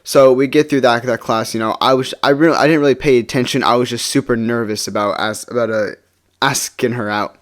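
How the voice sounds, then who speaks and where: Male vlogger, mid-pitched, casual storytime, rambling and restart-heavy, mumbles low when glum. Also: fairly even intonation, a little fast. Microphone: face-cam setup.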